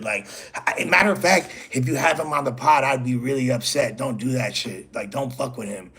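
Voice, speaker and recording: Husky-voiced man ranting casually. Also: mid-range voice, moderate pace, fairly bright tone. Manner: rambling and profane, with "you feel me" and "bro" fillers. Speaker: host. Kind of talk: casual monologue addressed to a rival.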